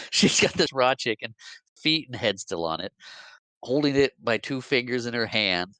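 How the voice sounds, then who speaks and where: A man's voice: mid-range voice, expressive, moderate pace, sharp tone, no echo. A man hosting a podcast, casually retelling a movie's scenes and often laughing as he acts out the characters' lines. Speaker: podcast host.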